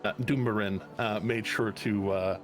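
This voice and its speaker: Acting as game master for a tabletop game, a man narrates in a lowish, steady voice at a moderate pace. He rambles, chuckles, and fills his speech with uhs and restarts.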